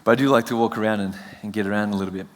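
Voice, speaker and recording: A man's voice: fairly low pitch, fairly even intonation, racing. An Australian man giving a chatty, joking sermon as a guest preacher. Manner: chatty, self-joking, laughs often. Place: church sanctuary. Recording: long church hall reverb.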